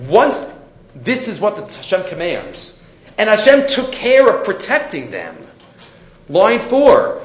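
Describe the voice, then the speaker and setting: A man gives a weekly Torah class, bright and animated as he acts out voices from the text. His voice sits high, with lively swings of pitch. The recording is dull and lo-fi, in an echoey room. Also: normal speed. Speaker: Torah teacher.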